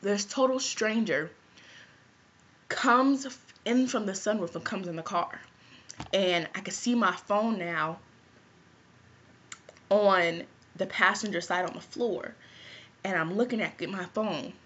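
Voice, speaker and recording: A woman's voice: mid-range voice, slow pace, long pauses, fairly bright tone, breathy edge. A woman vlogger telling a personal story to her viewers in a casual, chatty way, often checking in with "right?". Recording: dull lo-fi recording.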